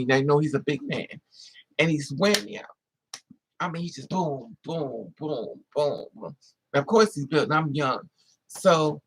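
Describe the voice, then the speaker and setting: A man vlogging, telling a personal story in an animated, emphatic way with plenty of swearing. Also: a little high, husky, rough recording.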